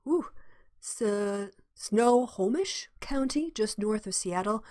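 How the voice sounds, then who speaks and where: A woman's voice: mid-range voice, no room sound. Indignant woman political commentator, dry sound. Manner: indignant, reads news aloud with asides.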